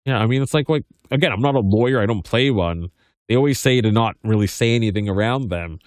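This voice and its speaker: A podcast host in his thirties with a lowish voice talks fast, reading news aloud and veering off into rambling commentary with stammering restarts and heavy use of "like". The studio-quality recording has no room sound.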